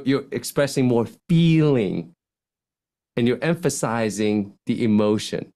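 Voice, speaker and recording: A man, a physician, giving speaking advice as a podcast guest, animated and lively, swinging his voice up and down and acting out example lines in contrasting tones. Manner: animated, swings pitch widely to demonstrate points. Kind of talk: podcast interview, coaching talk.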